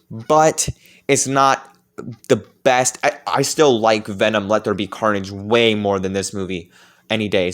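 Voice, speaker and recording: A man reviewing movies in a casual vlog, rambling along with many fillers and restarts. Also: medium pitch.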